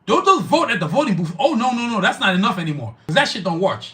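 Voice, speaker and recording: Brief: male podcast host, profane heated rant, high bright voice, wildly swinging pitch. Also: sing-song, fast. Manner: profane, fired-up, emphatic. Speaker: podcast host reading live chat.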